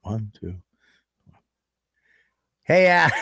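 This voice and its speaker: A man's voice: on the high side, lively intonation, moderate pace, no room sound, studio quality. A man co-hosting a casual comedy podcast, loose and profane, with laughing asides. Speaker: podcast co-host.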